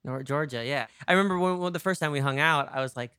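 A man's voice: fairly high pitch, fast talker, pushed and bright, smooth. A man with a New York accent hosting a podcast, talking casually, laughing often and using many fillers. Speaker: podcast host. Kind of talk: casual interview chat.

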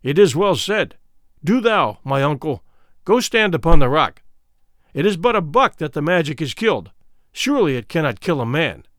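A man's voice: fairly high pitch, big pitch swings, normal speed, fairly bright tone, no echo. Bold, scornful young prince, read by a man, emphatic and commanding, dry close sound.

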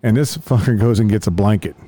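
A man's voice: lowish voice, fast, dark tone, no echo. A man, a police officer, casually telling a rambling, profane story and raising his voice to act out the people he quotes.

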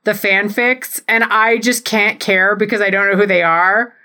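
Female podcast host, animated and playful, casual recap chat. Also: medium pitch, moderate pace, noisy background. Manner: animated, giggly, playful storytelling. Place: home.

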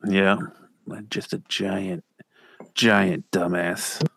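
A man's voice: sits low, flat delivery, very slow, gravelly, a bit bright, breathy edge. A man co-hosting a casual podcast chat, chiming in with dry jokes.

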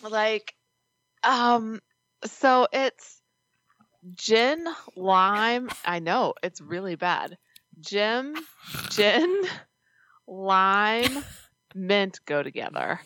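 A woman's voice: mid-range voice, expressive, drawn-out words, long pauses, a bit bright, no room sound. A woman co-hosting a podcast in casual chat, blunt and joking, swearing casually. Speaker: podcast co-host.

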